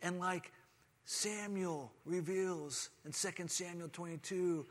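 A man preaching a sermon with passion, swinging from quiet, measured talk to loud, rising proclamation. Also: high voice, fairly even intonation. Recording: long hall reverb.

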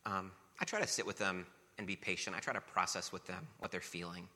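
Male pastor, sermon, fairly low voice with a very sharp, forceful edge. Earnest, repeats for emphasis, long hall reverb. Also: fairly quick. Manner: earnest, rhetorical questions, repetition for emphasis.

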